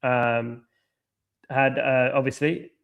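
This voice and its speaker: A man's voice: mid-range voice, level tone, takes it slowly, vocal fry, smooth. An English man with an English accent chats casually as host of a live football watchalong. He rambles and restarts sentences often, leaning on ums and repeating the same phrase a few times over. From England. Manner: rambling, repeats himself, many fillers and restarts. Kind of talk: casual live chat reacting to a match and reading comments.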